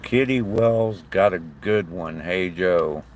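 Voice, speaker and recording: A man's voice: low-pitched, slow, a little mellow, a little hiss or hum. An older man from southern Ohio with a slight southern twang, chatting casually and rambling on a live stream as host, greeting viewers by name. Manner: chatty, rambling, friendly to chat. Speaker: livestream host.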